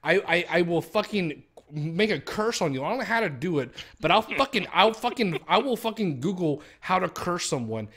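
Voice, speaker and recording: A man's voice: high-pitched, sing-song, normal speed, hardly any pauses, a bit bright. A young man ranting profanely in casual chat on a stream, mocking others with exaggerated voices. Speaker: streamer co-host.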